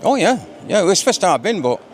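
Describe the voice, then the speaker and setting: A man's voice: high voice, very animated, fast talker, a little hiss or hum. A man from Yorkshire with a Yorkshire accent, a show visitor giving short, plain answers. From Yorkshire, England. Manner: plain-spoken, brief answers. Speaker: show visitor and motorhome buyer. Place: busy exhibition hall.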